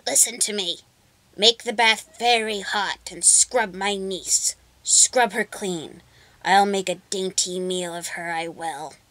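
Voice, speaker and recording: A wicked old witch speaks in a squeaky, falsely sweet voice, as a woman reading a storybook puts her on. She is cunning and hungry underneath the sweetness. The recording is dry. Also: fairly even intonation, slow pace, sharp tone, no echo. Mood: scheming. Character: wicked old witch who eats children.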